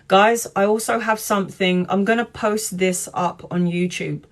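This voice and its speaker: A woman tarot reader talking earnestly to viewers on a live stream, in a chatty, warm-hearted way. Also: mid-range voice, moderate pace, hardly any pauses. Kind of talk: live-stream spiritual talk.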